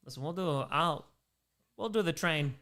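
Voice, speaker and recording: Reading out donations and trading banter with chat, a man runs a charity livestream, occasionally playing an invented character. He has a fairly high, sharp voice and a moderate pace.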